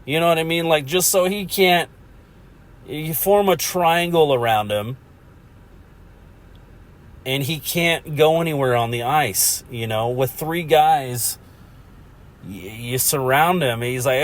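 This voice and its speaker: A man's voice: fairly high pitch, measured pace, long pauses. A man hosting a casual solo podcast, rambling about hockey and laughing at himself. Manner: rambling, chuckles often, self-mocking. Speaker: podcast host.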